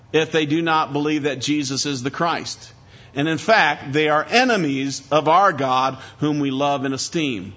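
A man preaching a sermon as pastor, emphatic, rising to stress and dropping low. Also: sharp tone, highs cut off.

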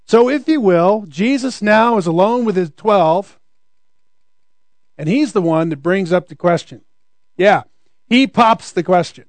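High-voiced man preaching a sermon. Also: unhurried, long pauses, dry recording. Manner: conversational, asks rhetorical questions.

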